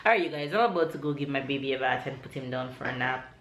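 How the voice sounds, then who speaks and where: A young Jamaican woman, a mother, chatting casually to camera at home in a relaxed vlog style, laughing often and going very high-pitched when excited. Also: fast, heavy background noise. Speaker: vlogger, mother. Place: at home indoors.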